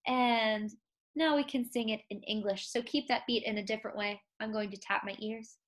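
A young woman teaching a recorded music lesson to kindergarteners, speaking slowly and clearly, coaching them and singing simple songs. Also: on the high side, steady tone. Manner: slow, clear and encouraging, speaking to young children; sings simple songs and gives call-and-response prompts.

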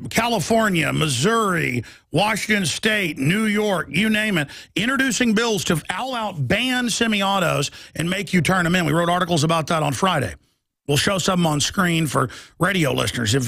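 A male radio talk show host giving an emphatic, mocking political monologue that rises toward shouting. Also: a little high, vocal fry, no room sound, clean studio sound.

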